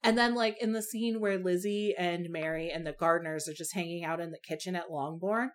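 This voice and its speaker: A young woman chatting about movies with a friend in a relaxed, rambling way. Her voice sits a little low for a woman. She leans on fillers and drops an occasional swear word. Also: fairly quick. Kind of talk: casual chat about film adaptations.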